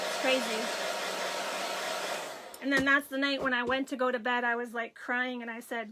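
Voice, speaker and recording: A woman's voice: high voice, steady tone, normal speed, long pauses, very noisy. A woman in her forties telling a personal story while tearful, acting out what others said. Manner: emotional, tearful storytelling with quoted dialogue. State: crying, runny nose. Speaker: craft vlogger. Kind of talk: personal story on a live video.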